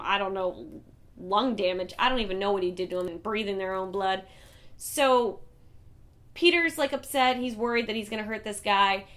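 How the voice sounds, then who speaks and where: A woman hosting a casual comic book review vlog, talking in an animated, chatty way and swearing freely. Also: fairly high pitch.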